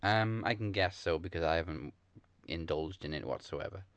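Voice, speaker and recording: A man with a very deep, gravelly voice co-hosts a casual wrestling chat. He reasons points out in a relaxed way. The sound is dry and close. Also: moderate pace, no room sound. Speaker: podcast co-host.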